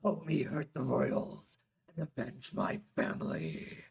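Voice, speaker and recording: A man voicing a grim, vengeful male warrior lieutenant who talks in a low, intense, commanding way. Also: very animated, slow, creaky, darkish tone, breathy edge, full character voice.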